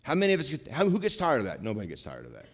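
Lively man preaching a conversational sermon. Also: mid-range voice. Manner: conversational preaching with frequent asides and rhetorical questions; slows and swells when reading scripture. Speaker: pastor.

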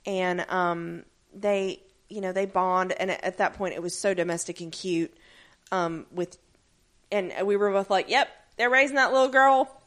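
A woman's voice: lowish voice, unhurried. A woman co-hosting a casual recap chat, swearing freely and acting out characters' lines as she tells the story. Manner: animated, acts out characters' lines mid-story; swears casually, many fillers. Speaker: podcast co-host.

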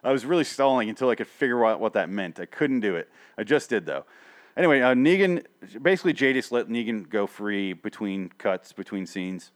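A man's voice: lowish voice, lively intonation, a little fast. A man hosting a casual TV review show, rambling and swearing, often stopping mid-sentence to restart. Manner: rambling, profane, self-interrupting. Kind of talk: casual solo review chat.

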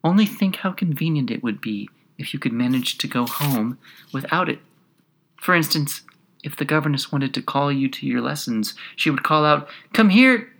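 A man reading a storybook puts on a tiny, melancholy gnat who talks in a soft, sighing, unhurried way. The tone stays bright and clear, with a slightly wistful, careless lilt. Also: medium pitch. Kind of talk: audiobook character reading.

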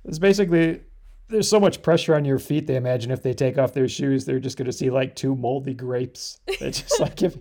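A man co-hosting a podcast cracks dry jokes and reads a plug. His voice is gravelly and mellow, and sits at a middle pitch. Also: fairly quick. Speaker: podcast co-host. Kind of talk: casual chat and read ad.

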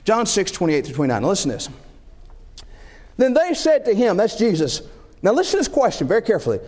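A middle-aged male preacher with a high, lively voice that leaps up and down as he drives his points home. He talks through rhetorical questions and acts out little scenes. His voice rings through a church hall with a long reverb tail. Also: fast talker, long pauses. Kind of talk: sermon.

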